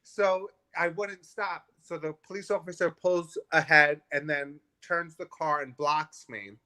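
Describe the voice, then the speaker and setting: A man in his thirties, a guest in a restaurant, telling a personal story in an animated, candid way and acting out other people's voices. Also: a little high, unhurried. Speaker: guest author.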